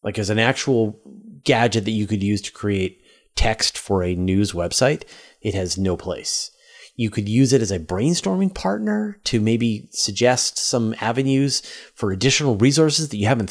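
A man co-hosting a casual podcast chat, talking in an animated, quick way and reading out thanks to supporters. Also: lowish voice. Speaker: podcast co-host. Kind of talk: casual chat and sponsor read-out.

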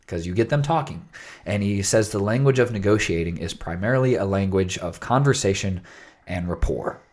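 Low-voiced man telling a story casually. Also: animated, moderate pace, darkish tone. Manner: enthusiastic storyteller, casual filler words. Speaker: podcast co-host. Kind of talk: casual chat.

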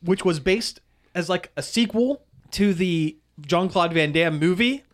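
Chatty, somewhat high-voiced male radio host. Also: a little slow. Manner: chatty, laughing often, many fillers. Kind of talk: casual chat.

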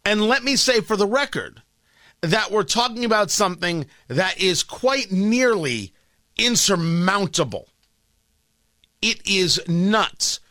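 A male radio talk show host giving opinionated political commentary, sarcastic and emphatic, with dramatic pauses. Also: high voice, animated, bright, forceful tone, dry recording, clean studio sound.

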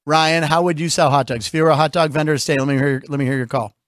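A man hosting a casual sports talk show, chatty and jokey with quick asides. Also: a little high, fairly even intonation, no echo. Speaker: host.

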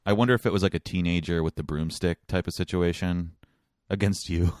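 A man with a very low, deep voice talks loosely with a co-host, spinning rambling anecdotes and jokes. The sound is dry and close, with no room around it. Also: fairly even intonation, brisk, darkish tone, no echo. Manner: rambling, joking storyteller. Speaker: podcast co-host. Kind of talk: casual chat.

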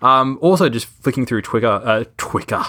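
A man's voice: medium pitch, lively intonation, moderate pace, bright, forceful tone. A man co-hosting a podcast, chatting casually, laughing often and stumbling over his words. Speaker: podcast co-host. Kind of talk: casual chat.

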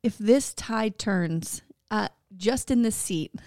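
A woman's voice: medium pitch, slow pace, darkish tone, no room sound, studio quality. A woman co-hosting a podcast, ranting about local politics in casual chat, heated and profane. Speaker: podcast co-host.

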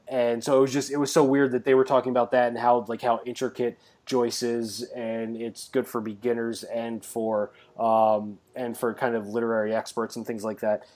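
A man's voice: medium pitch, darkish tone. A man co-hosting a podcast in casual chat, rambling along with many fillers and restarts. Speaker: podcast co-host.

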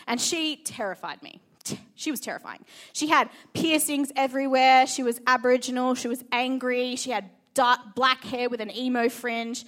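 A woman's voice: on the high side, fairly bright tone. Earnest Australian woman preaching a sermon. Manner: earnest personal storytelling, emphatic.

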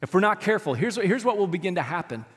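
Male pastor, 30s, high voice, funny animated sermon stories, long hall reverb. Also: quick pace, breathy edge. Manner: humorous, animated storytelling. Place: church sanctuary.

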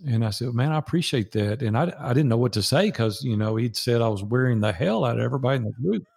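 Older guy with a gravelly voice, earnest preachy storyteller, guest on an interview show. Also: mid-range voice, lively intonation, quick pace, a little mellow.

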